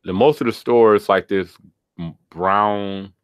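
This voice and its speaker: Smooth low-voiced man, dry close sound. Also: measured pace, no room sound. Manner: hesitant, searching for words. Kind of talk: casual tech chat.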